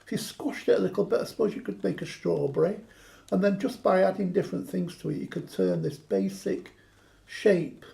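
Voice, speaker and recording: A man's voice: high-pitched, a little fast, creaky, dark tone. A man chatting through a craft demonstration, joking and poking fun at himself. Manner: joking, self-mocking banter.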